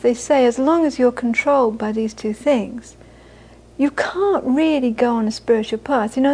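In a low-quality recording, a woman Buddhist teacher gives an informal, conversational dharma talk to an audience. Her voice sits on the high side and is a little mellow, and she often laughs and repeats phrases for emphasis.

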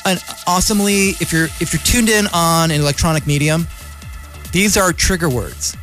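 A man co-hosting a casual political talk show, reading an article aloud and adding animated asides. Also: fairly high pitch, moderate pace, faint music behind. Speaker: podcast co-host.

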